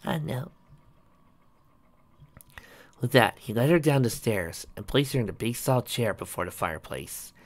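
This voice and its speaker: A man's voice: medium pitch, animated, a little fast, few pauses. A man reading a story aloud in a plain, slightly uneven way. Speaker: reader.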